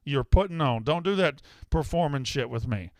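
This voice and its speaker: A man's voice: on the high side, lively intonation, normal speed, no room sound. A man from the American South hosting a sports betting call-in show, brash and heated, often cutting callers off. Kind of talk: casual call-in sports talk.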